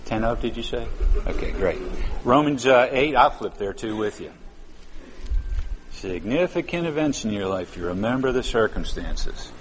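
A man's voice: mid-range voice, lively intonation, moderate pace, a little hiss or hum. Man preaching in a reverberant church. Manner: conversational, stretches key words for emphasis. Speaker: pastor. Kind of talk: sermon. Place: church sanctuary.

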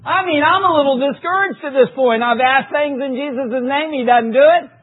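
High-voiced man preaching over a tinny line. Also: moderate pace. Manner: animated preaching, rising to emphatic reading of scripture, dropping low for asides. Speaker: pastor. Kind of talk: sermon. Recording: tinny phone-like recording.

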